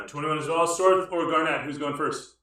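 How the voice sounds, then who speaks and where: A man's voice: fairly high pitch, takes it slowly, pushed and bright, reverberant. A man narrating a tabletop game as game master, casual and profane, with many fillers.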